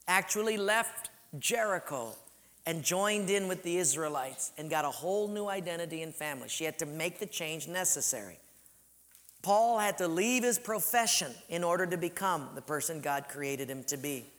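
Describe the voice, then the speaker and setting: A man preaching a sermon, emphatic, swinging from loud to soft and slowing down to stress points. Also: sits high. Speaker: pastor.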